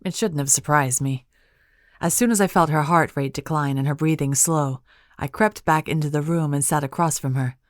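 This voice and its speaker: A woman with a low voice reading a fantasy audiobook in the first person. Her delivery is measured and expressive. The recording is close and dry. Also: no room sound. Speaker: audiobook narrator. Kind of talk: scripted audiobook narration.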